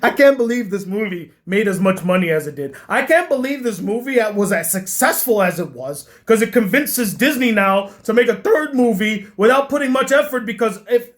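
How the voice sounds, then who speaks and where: A man's voice: high-pitched, lively intonation, normal speed, hardly any pauses. Man ranting in exasperation about a movie. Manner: exasperated, profane, bursts into shouting. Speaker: film critic. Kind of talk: profane comedic movie rant.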